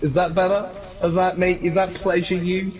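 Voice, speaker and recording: A man's voice: high-pitched, little pitch movement, moderate pace, a crowd in the background. An English man with an English accent, casually teasing his friends in a gaming voice chat. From England. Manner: sarcastic, teasing. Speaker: gamer in voice chat. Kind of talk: casual banter over voice chat.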